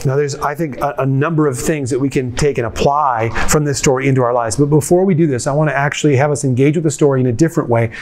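A man pastor giving a conversational sermon, retelling a scene in a lively way and speaking straight to his listeners. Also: mid-range voice, fast talker, few pauses, a little hiss or hum.

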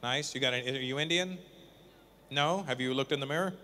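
A male stand-up comedian doing crowd work live on stage, teasing audience members with profane, quick banter. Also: mid-range voice, sharp tone, a little hiss or hum.

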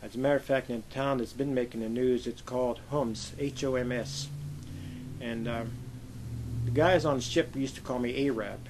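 An older man from Pennsylvania, a Navy veteran, telling lively anecdotes in an oral history interview and acting out the voices he quotes. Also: mid-range voice, normal speed, background noise. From Pennsylvania, USA.

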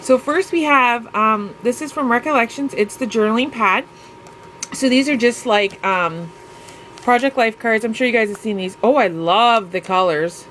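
A woman with a slightly high voice, gushing and excitable as she talks casually to her viewers. Her speech is loose and chatty, full of "um" and "like" as she reacts. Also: normal speed, slight background noise, rough recording. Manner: gushing, excitable, many fillers. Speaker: craft vlogger; mother. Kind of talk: casual unboxing chat.

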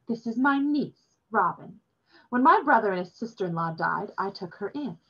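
A woman voicing a kindly, gracious older woman who speaks slowly and gently, recorded with dull lo-fi sound. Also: mid-range voice, expressive, breathy edge. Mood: apologetic.

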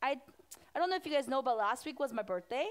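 High-voiced woman pastor talking to kids. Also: fast, clear, resonant tone. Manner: animated, asks the children questions. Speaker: children's pastor. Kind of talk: children's sermon.

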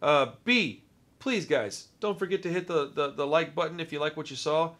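A man's voice: a little high, expressive, normal speed, a bit bright. A man with a Texan accent hosting a casual movie-ranking vlog, talking with rambling enthusiasm and often repeating words. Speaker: movie review vlogger.

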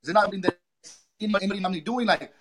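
A man answering as an interview guest, halting and searching for his words. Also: high-pitched.

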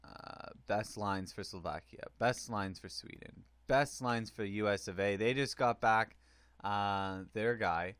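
A man giving casual, excitable commentary on a hockey video game tournament, rambling with many fillers. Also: on the low side, a little slow, clear, resonant tone, no echo. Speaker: gaming commentator.

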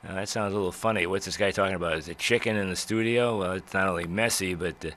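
A man's voice: deep voice, quick pace, fairly bright tone, slight background noise. Older man rambling through radio memories. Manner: rambling storyteller with many uhs and restarts. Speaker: radio veteran telling memories. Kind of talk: reminiscing talk.

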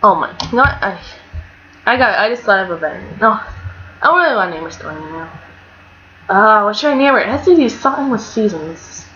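A young woman giving casual, chatty commentary on her own gameplay, swinging between mock outrage and excited squeals. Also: medium pitch, fairly quick. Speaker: gamer narrating her let's play. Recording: dull lo-fi home mic with faint hiss.

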